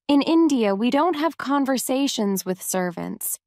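A woman's voice: sits high, animated, measured pace, a little mellow, no echo, studio quality, voice pushed up. A woman reading a storybook voices a spoiled, bad-tempered young girl who speaks in a haughty, petulant way.

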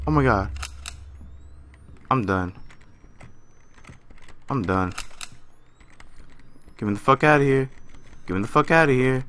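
A man's voice: mid-range voice, animated, unhurried, long pauses, a bit bright, slight background noise. A young man commentating a horror game he is playing at home. He swears a lot and swings from muttering to panicked screaming. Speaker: gaming YouTuber.

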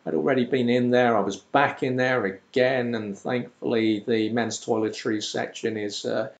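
A man's voice: mid-range voice, steady tone, normal speed. A comedian spins a long, rambling anecdote in a dry, self-deprecating tone. His voice sits in a medium register, with a roomy echo around it. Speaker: comedian podcast host. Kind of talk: comic storytelling monologue.

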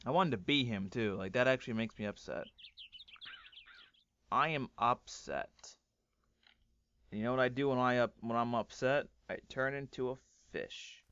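A young man doing loud, profane, melodramatic commentary over a game he is playing. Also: mid-range voice, normal speed, pauses often, clear, resonant tone, dull audio. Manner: loud, swearing, melodramatic outbursts. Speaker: gaming YouTuber. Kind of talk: Let's Play commentary.

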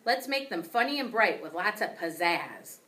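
A woman's voice: mid-range voice, very animated, moderate pace, sharp tone. A woman voicing a breezy, upbeat man who is a substitute teacher.

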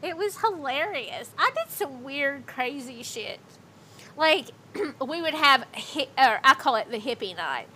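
A woman's voice: high voice, lively intonation, measured pace, bright, forceful tone, slight background noise. A woman in her thirties livestreaming, telling a rambling, profane story with lots of "like" in casual chat.

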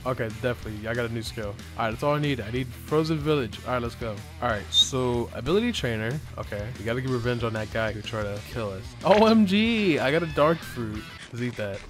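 A young man giving excitable commentary over his gameplay, laughing and yelping often. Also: medium pitch, fast, hardly any pauses, music in the background. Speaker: gaming YouTuber.

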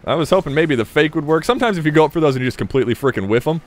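Rambling jokey gamer man, lively pitch. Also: very fast. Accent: slight Southern US. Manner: rambling, self-mocking, jokey asides with sudden excited yelps. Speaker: gaming YouTuber. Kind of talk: casual gameplay commentary.

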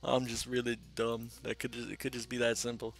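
A man's voice: mid-range voice, monotone, a little fast, creaky, a bit bright, a little hiss or hum. A man giving casual, rambling let's-play commentary, swearing freely and talking to himself as he plays. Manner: rambling, profane, talks to himself while playing. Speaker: gaming channel host.

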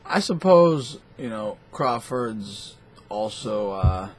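A man's voice: fairly low pitch, slow, breathy edge. A man hosting a boxing talk show, ranting in a profane, rambling and scornful way. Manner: foul-mouthed, animated, scornful.

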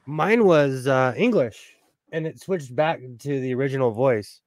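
A man's voice: mid-range voice, animated, a little slow, a little mellow. A man from the United States chatting casually, joking around and laughing a lot. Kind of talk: casual chat.

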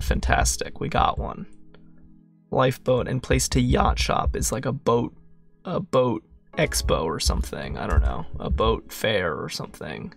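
A man's voice: mid-range voice, vocal fry. A man solving a crossword puzzle while thinking aloud, muttering, questioning himself and trailing off. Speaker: crossword solver.

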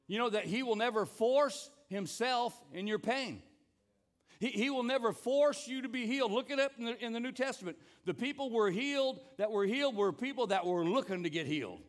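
A man's voice: extremely high pitch, lively intonation, fairly quick. A man preaching a sermon as pastor, emphatic, often repeating words and urging the congregation to join in. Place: church service.

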